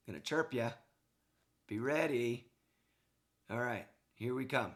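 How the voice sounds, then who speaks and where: A man's voice: mid-range voice, moderate pace, pauses often, fairly bright tone. A man coaching hockey, talking a player through game footage in a casual, enthusiastic way, checking in often with "okay". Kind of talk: video game analysis for a player.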